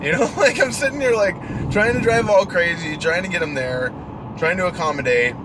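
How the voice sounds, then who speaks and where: Young guy rideshare driver rambling thru his stories, kinda high voice, bit of car hum behind. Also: normal speed. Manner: chatty, filler-heavy, exasperated retelling. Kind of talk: casual storytelling vlog.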